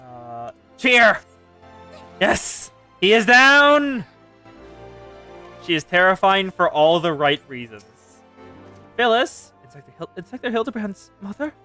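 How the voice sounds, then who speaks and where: An excitable man commenting live over his gameplay, exclaiming often. His voice is high and bright, jumping all over its range. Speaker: game streamer.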